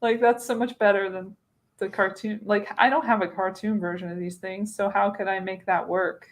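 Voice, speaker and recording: A woman's voice: medium pitch, steady tone, moderate pace. Rambling, laughing woman chatting casually. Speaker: co-host. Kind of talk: casual chat.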